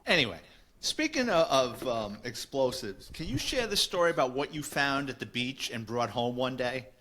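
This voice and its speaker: A man's voice: medium pitch, big pitch swings, normal speed, bright, forceful tone. A man with a New York accent hosting a podcast, chatting casually and recalling shared memories. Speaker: podcast host. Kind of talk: casual conversation.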